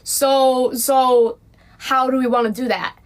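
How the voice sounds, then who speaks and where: A woman telling a story on her livestream in a casual, indignant, animated way, with sarcastic asides aimed at her critics. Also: high-pitched, takes it slowly. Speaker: livestream host.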